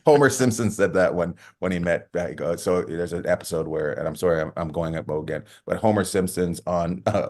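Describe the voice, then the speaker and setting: A man's voice: low-pitched, darkish tone. A man co-hosting a casual podcast, telling rambling joking stories and laughing at his own punchlines. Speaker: podcast co-host.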